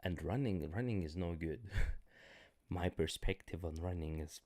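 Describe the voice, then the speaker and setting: A man on a casual live stream, hoarse and tired, talking bluntly and rambling with many restarts. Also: sits low, unhurried, a little mellow. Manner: rambling, blunt, self-correcting. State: hoarse, voice cracking.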